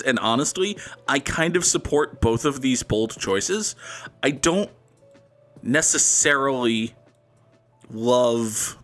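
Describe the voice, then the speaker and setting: With a medium-pitched, slightly bright voice, this man hosts a gaming channel. He offers casual commentary while playing a guessing game. His tone is sarcastic, rambling and self-mocking.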